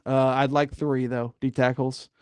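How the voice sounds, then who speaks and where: A man's voice: mid-range voice, little pitch movement, unhurried, darkish tone, clean tone, no room sound. Fired-up rambling sports podcast man. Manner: rambling, frequent fillers, gets fired up. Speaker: podcast host. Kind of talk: casual sports talk.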